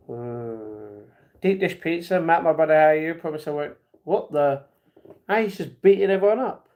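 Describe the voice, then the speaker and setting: A man's voice: on the high side, moderate pace, darkish tone. Chatty man hosting a livestream. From United Kingdom. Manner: reads viewer comments aloud and reacts. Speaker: livestream host. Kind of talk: casual livestream chat.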